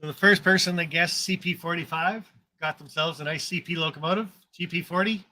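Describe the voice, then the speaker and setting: A man's voice: fairly high pitch, fairly quick, pushed and bright, dry recording. A man hosting a casual live stream, chatting in an upbeat, rambling way.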